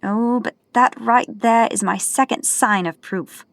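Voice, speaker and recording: A woman's voice: a little high, a little slow, gravelly, fairly bright tone, no echo, voice pushed up. A woman voicing a jovial, teasing older man in an audiobook, boastful and folksy, with faint music behind. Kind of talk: audiobook character voice.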